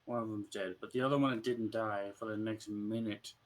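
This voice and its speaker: A man playing in an online tabletop game, explaining a spell's rules plainly and a little haltingly. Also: lowish voice, fairly even intonation. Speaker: player. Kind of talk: casual game talk.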